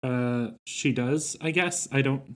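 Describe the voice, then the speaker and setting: A woman's voice: extremely low pitch, slow. A woman playing a tabletop game, talking in a hesitant, apologetic way with restarts. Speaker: player. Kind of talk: casual tabletop game chat.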